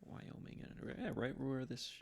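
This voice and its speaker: A man's voice: medium pitch, normal speed, gravelly, in a whisper. A man co-hosting a podcast, chatting casually about movies in a rambling, playful way that trails off mid-sentence. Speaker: podcast co-host. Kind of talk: casual chat.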